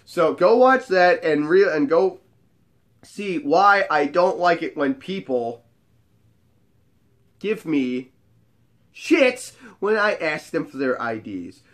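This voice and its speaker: Slow, animated man in his twenties. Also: a little high. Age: 20s. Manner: animated, telling a story with quoted dialogue. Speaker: bartender telling stories. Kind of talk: casual storytelling.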